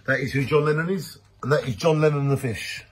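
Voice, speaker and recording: A man's voice: fairly high pitch, a little fast, slightly rough. A man vlogging about his home fish tank in a playful, mock-grand way, humming a theme tune between lines. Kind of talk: playful home video commentary.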